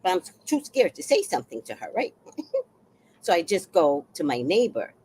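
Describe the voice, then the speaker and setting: A woman's voice: lowish voice, big pitch swings, normal speed, darkish tone, a little hiss or hum. A woman telling a neighborhood story in a casual vlog, blunt and profane, acting out the people she describes. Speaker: vlogger.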